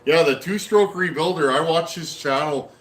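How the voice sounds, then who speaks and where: A Canadian chainsaw builder hosts a live stream from his home workshop, chatting casually and answering viewer comments in a folksy, rambling way. He has a Canadian accent and a fairly high voice at normal speed, and the room sounds echoey.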